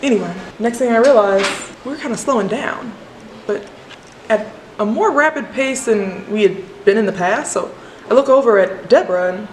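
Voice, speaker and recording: A woman tells a comic story in a deadpan, dry-humored voice-over. Her voice sits a little high and carries a roomy echo with a faint hiss. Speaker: filmmaker narrating her short film.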